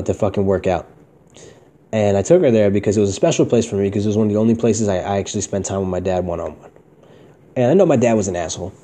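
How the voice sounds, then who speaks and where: A man's voice: mid-range voice, darkish tone. Profane, rambling young man. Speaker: podcast host. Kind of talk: casual solo storytelling.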